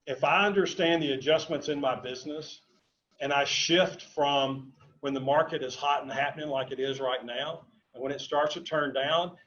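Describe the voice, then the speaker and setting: A man addresses a seminar audience in a fairly high voice, leaning on key phrases and repeating them for emphasis. He drifts into anecdotes and then snaps back to the lesson. The live recording is a little dull and muffled. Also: fairly bright tone. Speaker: seminar speaker on real estate investing. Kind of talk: live seminar talk to a room and online audience.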